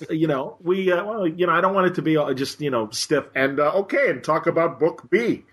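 Man, podcast host, slightly high voice, rambling casual chat. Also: lively intonation, a little fast, fairly bright tone. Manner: rambling, acts out quoted voices.

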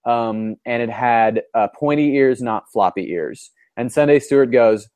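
A man's voice: medium pitch, measured pace, a little mellow, no echo, soft background music. A man co-hosting a podcast, chatting casually and telling stories in a wry, mock-argumentative way. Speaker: podcast co-host. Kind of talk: casual chat.

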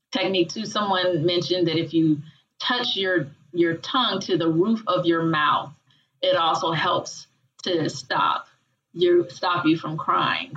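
A woman in her fifties, a wellness coach guest, calmly explaining techniques in an interview. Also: on the low side. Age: 50s. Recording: dull lo-fi audio with faint noise.

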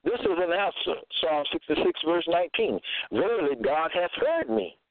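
A man's voice: fairly high pitch, sing-song, dry recording. Man preaching over a tinny phone line. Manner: reads verses slowly, repeats "okay?". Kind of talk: scripture-quoting sermon.

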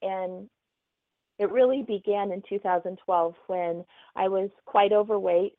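A woman's voice: medium pitch, steady tone, unhurried, dry recording. A middle-aged woman from Oklahoma with a light Southern accent, a guest author chatting casually in an interview and laughing easily. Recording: tinny phone-like remote call line.

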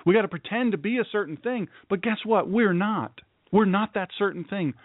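A man's voice: high voice, brisk, no room sound. Man preaching over a tinny line. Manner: earnest, folksy, emphatic with repeated phrases. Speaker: radio show host. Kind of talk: preachy radio monologue. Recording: dry, tinny phone-like sound.

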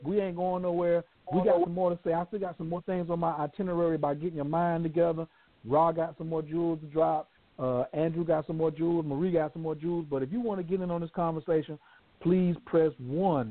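A man's voice: a little high, dry recording. A man hosting a call-in show, talking in a loose, slangy, playful way. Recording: tinny phone line with faint hiss.

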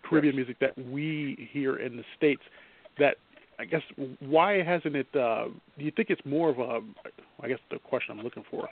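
A man's voice: mid-range voice, moderate pace. A man hosting a talk radio show, asking long, rambling questions full of fillers. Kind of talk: casual radio interview. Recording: phone-line audio.

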